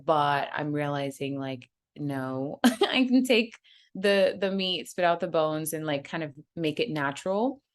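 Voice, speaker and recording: A woman in a coaching group, talking eagerly and excitedly in a rambling way with many "like"s. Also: low-pitched, a little slow. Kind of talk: casual chat.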